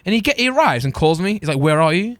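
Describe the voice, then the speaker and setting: A young man with a very lively voice that keeps leaping up high as he gets excited. He talks fast and laughs often while telling stories. The sound is close and dry. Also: no room sound. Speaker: podcast co-host. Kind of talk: casual chat.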